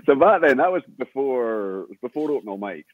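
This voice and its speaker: An older Scottish man, a veteran sports broadcaster, telling lively anecdotes in an interview with lots of restarts. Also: medium pitch, normal speed, no room sound. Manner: animated storyteller with frequent laughter and restarts. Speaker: guest, veteran radio sports presenter. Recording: tinny phone-like remote call.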